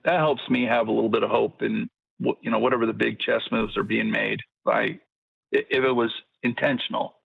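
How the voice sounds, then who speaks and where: A man calling in to a talk show in casual chat, with a measured, agreeable manner. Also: mid-range voice, fairly even intonation, gravelly, a bit bright, husky, no room sound, low-quality recording. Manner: measured, agreeable, many "yeah"s. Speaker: caller.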